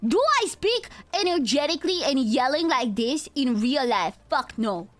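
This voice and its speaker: A woman's voice: sits high, moderate pace, no room sound. A woman in her twenties with a nasal voice, a VTuber chatting casually and directly with her live-stream chat. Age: 20s. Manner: chatty, talks straight to her chat, drifts between tired and energetic.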